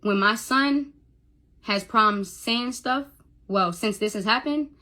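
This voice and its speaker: Bright-voiced young woman, stammering. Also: on the high side, slow pace. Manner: stammering, repeats words, swears. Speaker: social media livestreamer. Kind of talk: emotional livestream monologue. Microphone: phone.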